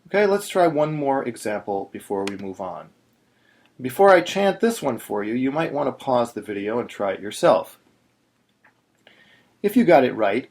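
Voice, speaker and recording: This instructional narration features a man with a mid-range, darkish voice explaining Torah chanting. He speaks plainly and patiently, now and then singing brief chanted examples.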